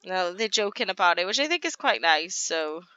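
A woman giving casual gameplay commentary, chatting along and voicing her characters in quick asides. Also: fairly low pitch, sing-song, bright, forceful tone, smooth, dry recording. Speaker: gaming YouTuber.

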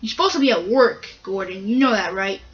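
A woman's voice: mid-range voice, brisk, roomy sound, far from the mic, lo-fi sound, lightly acted. Woman doing a cross, bossy railway controller.

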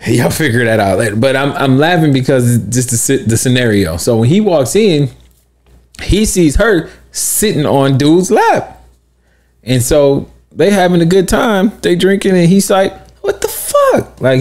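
Animated, laughing man telling a story. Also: on the high side. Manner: animated storyteller, laughs often, acts out quotes loudly. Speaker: podcast co-host. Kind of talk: casual storytelling chat.

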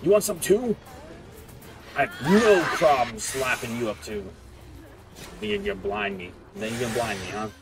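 Animated trash-talking man over game music. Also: medium pitch, moderate pace. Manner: trash-talking, taunting and joking at opponents. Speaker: gaming streamer. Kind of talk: casual gameplay commentary. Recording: game music playing under the voice.

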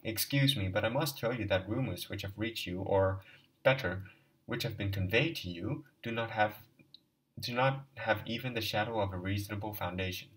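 A man's voice: on the low side, normal speed, distant mic, close to an everyday voice, poor audio. A man voicing a haughty, pompous middle-aged suitor who gets stiff and indignant and stammers when flustered.

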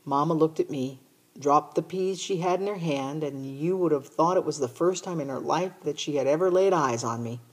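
A woman reading a children's novel aloud in a steady first-person narration. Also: deep voice, moderate pace, slightly rough. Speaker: audiobook reader. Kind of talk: storybook narration.

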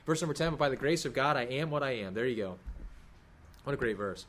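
A man's voice: mid-range voice, quick pace. A man in his thirties preaching a sermon, talking casually and asking the congregation questions. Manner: conversational, animated, asks the congregation questions. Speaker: pastor. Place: church hall.

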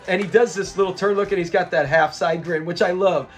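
Guy doing a chatty episode breakdown, bit high voice, keeps chuckling. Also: brisk, hardly any pauses, faint music behind. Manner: animated, chuckles while retelling scenes. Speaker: episode review host. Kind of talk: casual episode recap.

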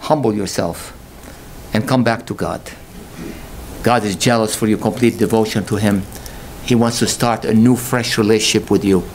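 A male pastor delivering a sermon, questioning his congregation and rising to slow, emphatic peaks. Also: steady tone, a little hiss or hum. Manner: impassioned, swells to high emphatic peaks, slow drawn-out stresses; calls out rhetorical questions to the congregation.

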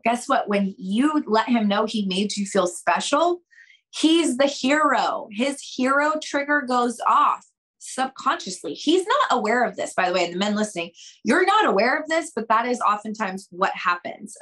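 A young adult woman on a podcast, giving dating advice in an animated, expressive way and acting out quoted conversations. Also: fairly high pitch, unhurried. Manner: expressive, acts out quoted dialogue, addresses listeners as girls. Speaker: podcast guest, dating coach.

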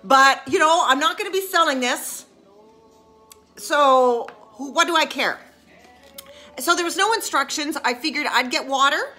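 A woman chatting casually on a live stream as she crafts, self-mocking and chatty, with excited squeals of delight. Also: high-pitched, measured pace, pauses often, soft background music.

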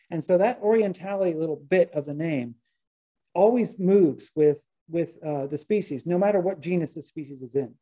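Gardening class presenter, informal lecture, mellow tone, halting delivery, frequent restarts, checks in with the audience. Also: medium pitch, poor audio.

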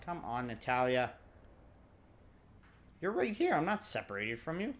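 A man's voice: medium pitch, wildly swooping pitch, unhurried, slight background noise. A man doing casual gameplay commentary, joking, swearing and laughing at the game as he plays. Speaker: let's play commentator.

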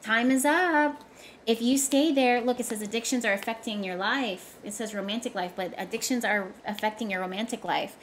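Talking straight to her audience, this woman delivers an informal tarot reading, repeating points emphatically for effect. She speaks in a mid-range, steady voice, a bit fast with few pauses, over slight background noise.

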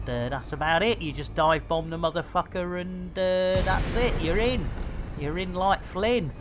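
A man streaming a space game, chatting and joking as he plays, with a rambling manner and lots of fillers. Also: fairly high pitch. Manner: jokey, rambling banter with many fillers. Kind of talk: casual gameplay commentary.

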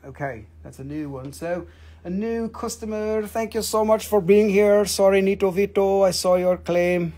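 A high-pitched, slightly mellow voice belongs to an Appalachian man running a live mineral sale at a moderate pace. He chats casually with viewers during the livestream, joking and teasing as he shows off each piece.

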